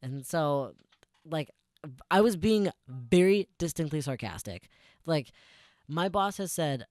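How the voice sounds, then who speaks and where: A man's voice: a little high, lively intonation, slow, pauses often, darkish tone, no room sound, clean studio sound. A young man co-hosting a podcast, retelling a work story in a casual, sarcastic and profane way. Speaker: podcast co-host.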